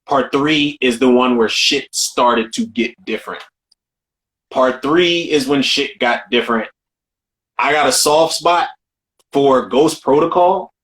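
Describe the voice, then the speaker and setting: A man co-hosting a casual film podcast, talking in an animated, profane way and repeating himself as he riffs. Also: mid-range voice, slow pace. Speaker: podcast co-host.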